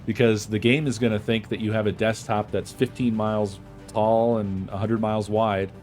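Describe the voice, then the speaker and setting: A man's voice: lowish voice, little pitch movement, normal speed, darkish tone, faint music behind. A man streaming a game, venting in a casual, frustrated way and swearing often; he says he is not feeling well. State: feeling unwell. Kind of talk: casual gaming stream chat.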